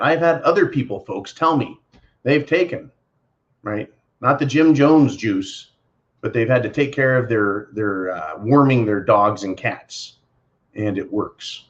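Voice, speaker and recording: Man, mid-pitched, ranting host, sarcastic and foul-mouthed, muffled lo-fi sound. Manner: sarcastic, swearing, mocking voices when quoting. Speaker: host answering viewer comments. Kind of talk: profane political rant.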